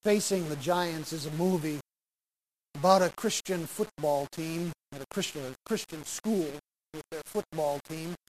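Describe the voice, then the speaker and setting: A man's voice: fairly high pitch, a little slow, slight background noise, rough recording. A man pastor preaching a sermon in a church, urging his listeners in short, emphatic phrases. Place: church sanctuary.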